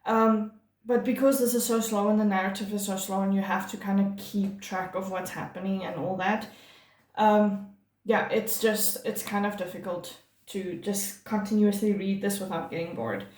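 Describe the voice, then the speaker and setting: A book vlogger talks casually to camera in an echoey room, gushing about her monthly reads with plenty of fillers and restarts. Her voice is medium-pitched and darkish, with fairly even intonation at a normal speed.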